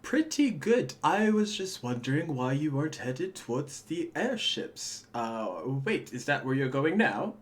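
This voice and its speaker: A scheming guard officer, as a man voices him, hedging every answer in a sly, conspiratorial tone. His pitch rises and falls freely, and he speaks unhurriedly. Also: sing-song, a little slow, few pauses. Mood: evasive.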